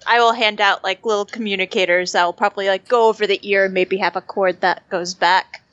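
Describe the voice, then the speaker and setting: A woman playing a tabletop role-playing game, talking casually with quick explanations and frequent laughter. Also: medium pitch, steady tone, fairly bright tone, lo-fi sound.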